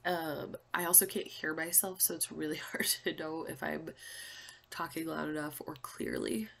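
Congested woman vlogger with gravelly voice. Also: sits low, lively intonation, moderate pace, fairly bright tone. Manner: chatty, apologetic, many fillers. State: congested, stuffy nose. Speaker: channel host. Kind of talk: casual vlog update.

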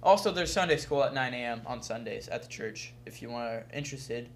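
A teenage boy hosting a church youth bulletin, reading announcements with goofy, deadpan teasing. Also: mid-range voice, brisk, slight background noise. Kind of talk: jokey announcements.

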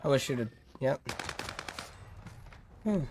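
A man streaming a shooter game, giving excitable, profane live commentary. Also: medium pitch, slow, background noise. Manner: excitable, swearing, reacting to the game.

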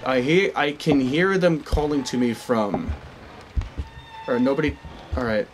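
Here the gaming host speaks in a mid-range voice at a measured pace with lively intonation, and a little hiss or hum sits underneath. This young man plays at home on headphones and a desk mic, stammering nervously, cursing and begging out loud.

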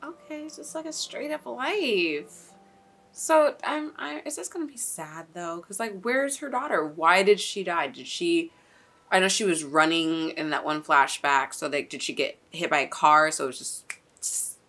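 A woman's voice: lowish voice, expressive, normal speed, fairly bright tone. A young woman hosting a casual anime reaction, chatty and exclamatory, swearing and laughing as she talks.

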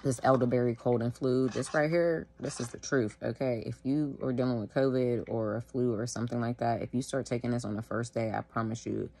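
A sick woman at home, wheezing and short of breath, talking casually to the camera in a tired, slow way. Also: extremely low pitch, fairly even intonation, vocal fry, dark tone, a little hiss or hum. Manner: tired, slow, filler-heavy. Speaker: vlogger sharing her illness.

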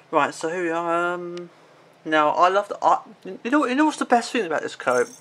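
High-voiced rambling man. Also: bright, forceful tone. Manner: rambling, many fillers, swears at his pet. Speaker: vlogger. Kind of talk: casual show-and-tell vlog.

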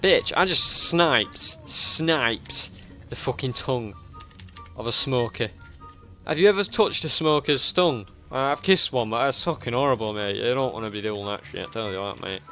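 A drunk young man giving rambling, profane commentary as he plays a video game, now and then breaking into sudden yells. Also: medium pitch, normal speed, faint music behind. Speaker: gaming channel host.

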